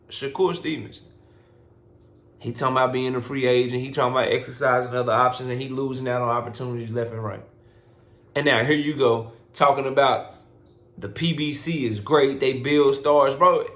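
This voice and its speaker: A man's voice: medium pitch, moderate pace, gravelly, a bit bright. A man hosting a boxing commentary vlog, speaking in a casual, blunt and profane rant that lectures his listeners. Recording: roomy echo.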